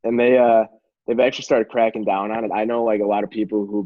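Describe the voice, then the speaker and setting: A man in casual podcast chat, opinionated and quick to murmur agreement. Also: on the low side, little pitch movement, no room sound, lo-fi sound. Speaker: podcast co-host.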